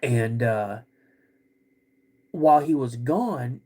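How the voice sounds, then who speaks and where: A man hosting a podcast, vividly retelling a personal story in a halting way, with many restarts. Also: mid-range voice, expressive, mellow. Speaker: podcast host.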